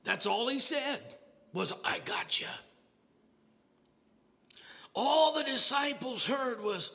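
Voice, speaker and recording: A man preaching a sermon, building to shouted exclamations with many "uh" and "amen" fillers. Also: very high-pitched, expressive, takes it slowly, gravelly, long pauses.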